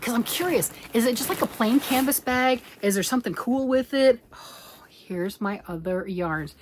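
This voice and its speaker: Excitable husky woman vlogger. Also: fairly high pitch, normal speed. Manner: excitable, chatty, rambling, with sudden whispered asides. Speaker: crochet vlogger. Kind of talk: casual unboxing chat.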